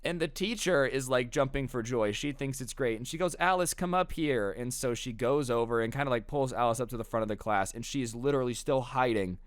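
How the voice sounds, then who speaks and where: A young man narrating a casual storytime, animated and slangy, talking straight to his viewers. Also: medium pitch, brisk, few pauses, dry recording.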